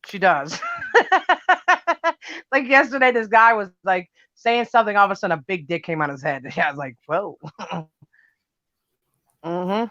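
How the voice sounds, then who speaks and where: Loud, brash and laughing, a middle-aged woman chats casually on a livestream, cussing freely with no filter. Her mid-range voice is bright and punchy, a little slow, with frequent pauses. The sound is dry and close with no echo, through a somewhat dull, lo-fi mic.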